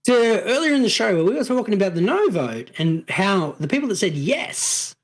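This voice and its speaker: A man's voice: high voice, sing-song, moderate pace, soft background music. A man co-hosting a podcast, bantering with jokes, swearing and self-deprecation. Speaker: podcast co-host. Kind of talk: casual banter.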